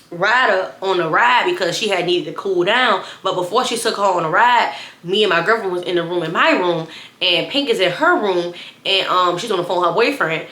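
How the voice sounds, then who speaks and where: A woman tells her viewers a storytime in a loose, rambling way, repeating words as she goes. Her voice is bright and clear, and the room around her echoes. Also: on the low side. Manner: rambling, animated, repeats herself, addresses viewers as y'all. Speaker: storyteller vlogger. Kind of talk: casual storytime.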